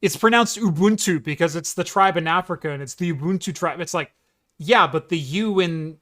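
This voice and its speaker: A man's voice: fairly high pitch, a little fast, sharp tone. A man co-hosting a casual tech podcast, reading labels aloud and mock-ranting about pronunciation. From United States. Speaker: podcast co-host. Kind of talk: casual chat.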